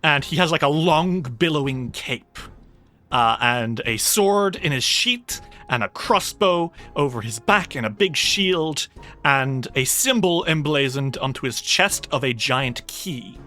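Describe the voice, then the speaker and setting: A game master narrating a tabletop game in a relaxed, meandering way with many fillers. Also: mid-range voice, measured pace, faint music behind.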